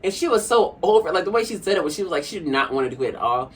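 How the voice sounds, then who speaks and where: A woman's voice: lowish voice, expressive, rapid-fire. A young woman vlogger chatting casually while eating, sassy and talkative, often calling the viewer honey. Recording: a bit distant from the mic, faint room hum.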